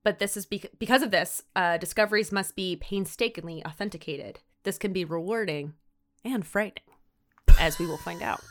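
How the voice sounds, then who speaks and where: A woman's voice: medium pitch, normal speed, fairly bright tone. A woman co-hosting a podcast, recapping a TV episode in casual chat, rambling with lots of "like" fillers and frequent laughs. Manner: chatty, rambling with many "like" fillers, laughs often. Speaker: podcast co-host.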